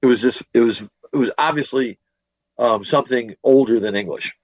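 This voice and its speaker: A man's voice: mid-range voice, moderate pace, dry recording. Man, from Northwest Indiana, rambling storyteller, dry close sound, slightly dull lo-fi recording. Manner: rambling, with many fillers and restarts. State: a bit worn from a day of teaching. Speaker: paranormal investigator and teacher guest. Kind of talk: storytelling in a podcast interview.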